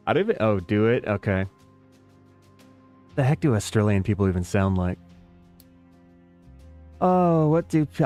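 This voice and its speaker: A man's voice: on the low side, darkish tone. Rambling American man streaming a game. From United States. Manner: rambling, self-deprecating, talks to chat. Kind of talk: casual live-stream chat while playing.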